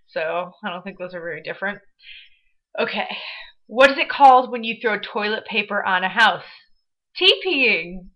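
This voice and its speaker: A young woman with a Midwestern American accent talks through a vlog in a chatty, bubbly way, dropping fillers as she goes. Her voice sits at a middling pitch for a woman. The audio is dull and lo-fi, like a webcam mic. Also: animated, normal speed. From Michigan, USA. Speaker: vlogger. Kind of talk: casual vlog chat.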